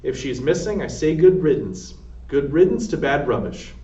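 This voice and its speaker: A man's voice: on the high side, very animated, normal speed. A man doing a scornful, blunt woman servant. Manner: loud, scornful, plain-spoken. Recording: roomy, distant, dull lo-fi sound.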